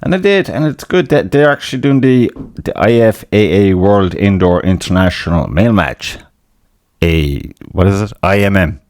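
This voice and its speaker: A low-voiced Irish man talks loosely on his own podcast. He rambles, drops curses constantly and mocks his own failures with a laugh. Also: lively intonation, moderate pace, a little mellow, no room sound, clean studio sound. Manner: swears a lot, self-mocking, laughs at himself. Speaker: podcast host. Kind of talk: casual rambling monologue.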